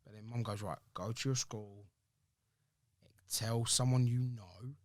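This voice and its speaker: Man telling his story, slangy and lively. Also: lowish voice, unhurried, no echo, clean studio sound. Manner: slangy, animated, acts out quoted voices. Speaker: podcast guest. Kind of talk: candid personal storytelling.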